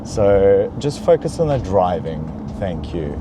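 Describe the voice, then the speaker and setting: A man's voice: low-pitched, very animated, slow pace, noisy background. A young man hosting a comedic car review from a car's back seat, in a playful, mock-pampered way. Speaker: host reviewing a luxury car.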